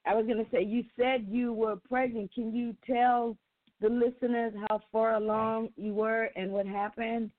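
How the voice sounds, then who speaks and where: A woman's voice: fairly high pitch, little pitch movement, moderate pace, no room sound. Woman host on a tinny phone line. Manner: short encouraging responses. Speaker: talk show host. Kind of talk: supportive interview.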